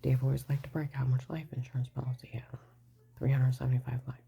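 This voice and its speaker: A woman's voice: extremely low pitch, little pitch movement, quick pace, creaky, mellow, breathy edge. An older woman giving a rambling, agitated personal account, mostly in a whisper. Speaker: vlogger telling her story.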